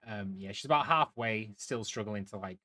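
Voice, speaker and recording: A man with a lowish voice narrating a tabletop role-playing game as dungeon master. He stops and restarts often, feeling his way through each scene. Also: pushed and bright, poor audio. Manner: halting, many fillers and restarts.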